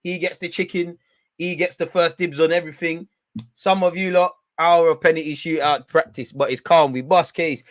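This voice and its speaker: Young London man hosting a football watch-along stream, slangy and animated, slightly higher voice. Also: moderate pace. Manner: animated, slangy, swings between loud hype and low mutters. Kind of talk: casual live-stream chat.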